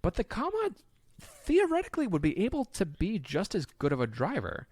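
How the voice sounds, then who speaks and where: A man co-hosting a podcast, chatting casually and telling stories with lots of fillers, getting excitable as he goes. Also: high-pitched, moderate pace, dry recording. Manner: animated, excitable storyteller with frequent fillers. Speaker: podcast co-host. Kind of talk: casual chat.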